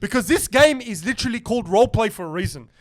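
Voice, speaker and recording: Fast-talking young guy telling stories. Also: high voice. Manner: animated storytelling, acts out other people's lines, swears freely. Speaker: podcast host. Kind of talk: casual podcast chat.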